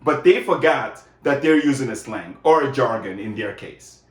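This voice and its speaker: A male lecturer gives a relaxed, conversational lesson, explaining with lots of fillers and frequent tag questions like "right?" His mid-range voice has lively intonation and a normal speed, recorded in an echoey room.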